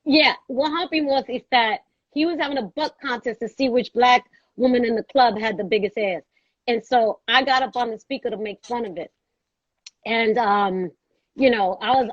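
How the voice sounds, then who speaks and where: Woman from Brooklyn, high voice, lively storyteller, dry and slightly dull sound. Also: dry recording. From Brooklyn, New York. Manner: animated storyteller acting out the people she quotes. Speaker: guest. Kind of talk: casual storytelling interview.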